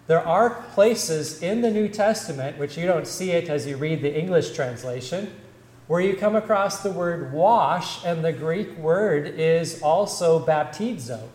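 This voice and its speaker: A male Lutheran pastor preaching a sermon, explaining scripture in a measured, deliberate teaching manner. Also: a little high, darkish tone, reverberant, rough recording.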